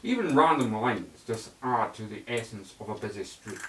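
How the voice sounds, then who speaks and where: A man's voice: lowish voice, animated, normal speed, slight background noise. A man working as a voice actor, chatting casually through a demo of voice impressions and switching between put-on voices. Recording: roomy echo, mic at a distance.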